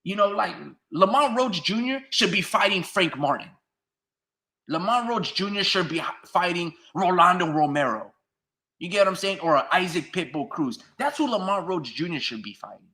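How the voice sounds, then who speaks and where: A man's voice: sits high, lively intonation, normal speed, sharp tone. A man giving blunt, profane, ranting solo commentary on a channel he hosts. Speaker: boxing commentator.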